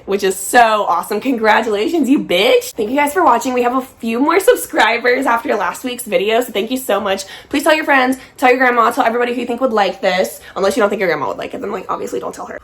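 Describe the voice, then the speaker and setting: A young woman hosting a casual vlog. She talks while smoking and high, rambling and swearing freely. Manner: rambling, profane, giggly; high and easily distracted. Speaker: vlogger and podcast host.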